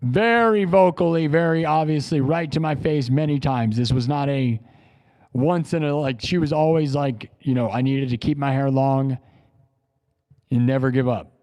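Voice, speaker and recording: A man's voice: medium pitch, moderate pace, darkish tone. A young man streaming live, talking casually and emotionally, rambling and repeating himself while he grieves. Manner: rambling, emotional, repeats phrases, says dude and bro. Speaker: live streamer and improv musician.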